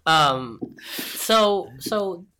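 A man's voice: high-pitched, lively intonation, pushed and bright, slight background noise. Rambling young man chatting with a friend. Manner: rambling, jokey, quick to laugh. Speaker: podcast co-host. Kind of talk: casual chat.

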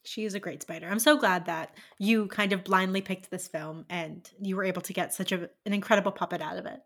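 A young woman co-hosting a casual podcast. She tells stories in an animated, chatty way and says "like" constantly. Her voice sits at an ordinary middle pitch. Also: fairly quick. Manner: animated storytelling, lots of "like". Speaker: podcast co-host. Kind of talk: casual chat.

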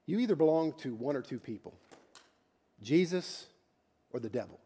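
A man preaching a sermon, moving from quiet, conversational asides to loud, fervent passages, often repeating and restarting his words. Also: mid-range voice, animated, normal speed, breathy edge. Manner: preacher who swings from quiet intimate asides to loud shouted climaxes. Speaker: pastor.

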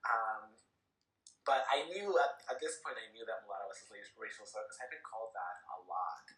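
A man's voice: on the low side, animated, brisk, fairly bright tone, reverberant, poor audio. A man talking as a podcast guest in casual conversation, telling personal stories in a reflective way.

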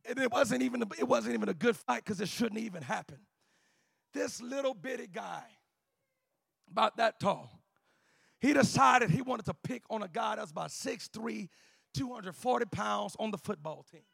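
High gravelly shouting preacher man. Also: expressive, moderate pace, dry recording. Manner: chanted shouting with "uh" before each phrase; drops to a quiet storytelling tone. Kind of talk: sermon.

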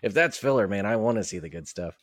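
Man, podcast co-host, casual chat, laid-back, joking, very low voice, dry sound. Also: animated, fast, dry recording.

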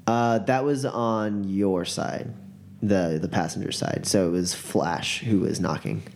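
A man narrating a tabletop game as game master, casual and halting with many fillers. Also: deep voice, a little mellow, slight background noise.

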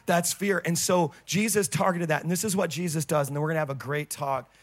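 A man with a notably high voice delivers a sermon as a pastor. He is fervent and bursts into shouts on his biggest claims, then slips into quick, conversational asides. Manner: fervent, swings between loud exclamations and quick asides.

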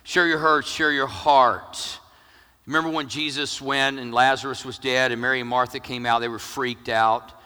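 A middle-aged male pastor preaching with jokes, swinging between loud emphasis and hushed near-whispers. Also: medium pitch, steady tone, normal speed, clean tone, in a large hall. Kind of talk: sermon.

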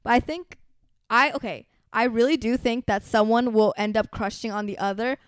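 A woman's voice: a little high, normal speed, clear, resonant tone, no echo, clean studio sound. A young woman co-hosting a podcast, chatting casually and filling her speech with "like". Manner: chatty, lots of "like" fillers. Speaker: podcast co-host. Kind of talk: casual chat.

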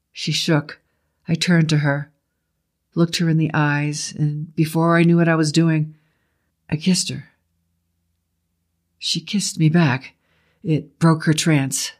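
A man's voice: a little high, little pitch movement, unhurried, long pauses. Man reading a horror story steadily. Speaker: narrator.

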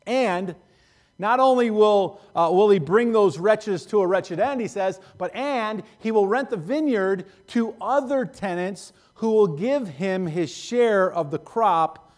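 Guy with a high voice giving a chatty sermon, keeps repeating himself. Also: slow, darkish tone. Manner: conversational, repeats phrases, laughs often. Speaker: pastor.

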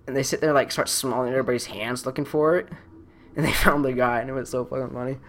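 A man's voice: medium pitch, steady tone, fast, a bit bright. A teenage male podcast co-host telling school stories in a loose, rambling way, laughing often and full of restarts and fillers, speaking over an online call. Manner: laughs a lot, rambling, many likes and restarts. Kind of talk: casual storytelling chat. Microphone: online call microphone.

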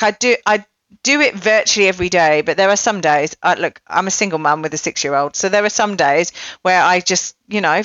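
A woman's voice: lowish voice, fairly bright tone, dry recording. A woman hosting a podcast, chatty and self-deprecating with lots of fillers. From not Australian. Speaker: podcast host. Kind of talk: casual chat. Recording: dull dry lo-fi sound.

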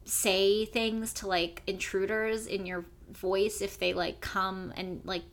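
A woman's voice: medium pitch, level tone, slow. A woman co-hosting a podcast, bantering and rambling, then laughing at herself. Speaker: podcast co-host. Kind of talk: casual chat.

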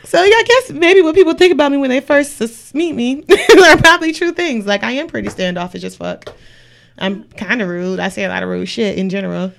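A woman in her late twenties chatting casually, blunt and quick to laugh, swearing freely. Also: fairly high pitch, creaky, fairly bright tone, slight background noise. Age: 20s. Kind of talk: casual chat.

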